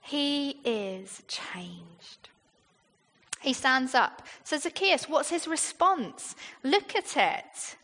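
A woman's voice: sits high, animated, very slow, bright, forceful tone. A British woman preaching a sermon in a conversational way, often asking her listeners rhetorical questions. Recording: long reverb of a large hall.

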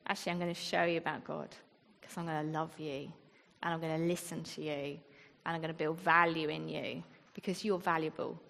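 A woman's voice: low voice, fairly even intonation, brisk, gravelly, a bit bright. A woman giving a conversational sermon to a church gathering, reading scripture and explaining it. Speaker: church speaker. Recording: long hall reverb.

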